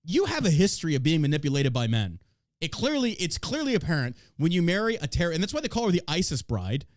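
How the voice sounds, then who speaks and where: A man from the United States hosting a podcast, ranting in a crude, mocking, animated way about politics. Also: a little high, fast, no room sound, studio quality. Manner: animated, crude, mocking, puts on silly voices for others. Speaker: podcast host. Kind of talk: profane political podcast rant.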